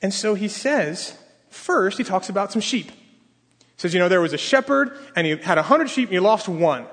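Husky high-voiced man preaching in a hall. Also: lively intonation, normal speed, a bit bright. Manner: casual, asks the audience questions. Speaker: pastor. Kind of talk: conversational sermon. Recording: long hall reverb.

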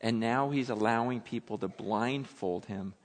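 Animated preacher man in a reverberant hall. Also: mid-range voice, a little slow. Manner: animated, dramatizes scripture with acted voices. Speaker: pastor. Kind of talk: sermon.

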